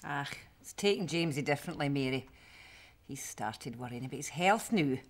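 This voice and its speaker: A low-voiced, brisk Glaswegian wife. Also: female voice, animated. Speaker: Ella, a neighbour's wife. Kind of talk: sitcom acting. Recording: noisy TV soundtrack.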